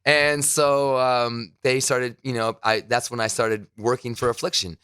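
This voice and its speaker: A man's voice: mid-range voice, level tone, a little slow, a bit bright, smooth, no echo, studio quality. A man guest on a podcast, telling loose stories from his career in a casual chat, swearing freely and quoting people he met. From New Jersey. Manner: loose storytelling with swearing and quoted asides. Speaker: podcast guest, radio host. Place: his broadcast studio.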